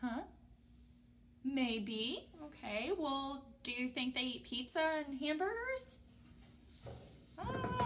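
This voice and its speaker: Bright, animated woman leading story time. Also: fairly high pitch, slight background noise. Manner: bright, animated, exaggerated for children. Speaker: children's story time host. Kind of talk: preschool lesson with singalong.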